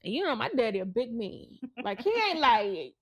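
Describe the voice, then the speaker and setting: A woman's voice: on the high side, big pitch swings, normal speed, breathy edge, no echo. A woman who co-hosts a podcast, telling an emotional personal story and acting out the voices of her relatives. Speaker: podcast co-host.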